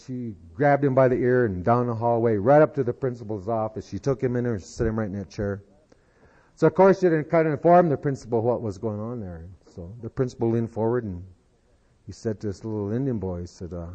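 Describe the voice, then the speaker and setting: A man telling a long folksy joke as a speaker at a recovery meeting, unhurried and full of "he said". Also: mid-range voice, warm tone. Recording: dull lo-fi 1990s tape.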